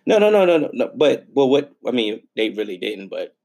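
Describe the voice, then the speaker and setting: A man's voice: medium pitch, big pitch swings, brisk, creaky, a little mellow. A man co-hosting a sports podcast, talking in a hyped, slangy, teasing way. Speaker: podcast co-host. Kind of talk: casual sports podcast chat.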